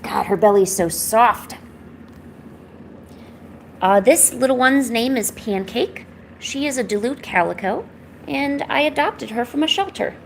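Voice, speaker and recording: A woman chats on her home art stream and coos sing-song baby talk at her cat between asides to viewers. Her voice sits a bit high with a gravelly fry at the ends of phrases. A faint hiss runs under the recording. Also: expressive, a little slow, long pauses. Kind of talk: casual live-stream chat.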